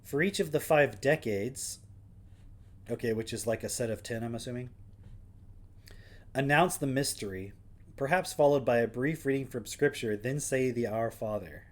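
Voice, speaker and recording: A man's voice: mid-range voice, normal speed, pauses often. A man with an ordinary mid-range voice hosts a casual livestream. He reads passages aloud, then interrupts himself with dry, sarcastic questions and offhand comments. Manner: wry, sarcastic asides between read passages. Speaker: livestream host.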